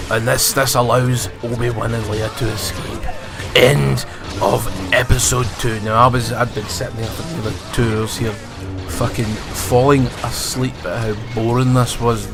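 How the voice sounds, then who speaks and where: A Scottish man rants through a review in a mid-pitched voice, sarcastic and profane, and he mocks the characters with quick put-on lines. Music plays steadily under his talk. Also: fairly even intonation. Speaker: film and TV reviewer. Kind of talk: sweary ranting review.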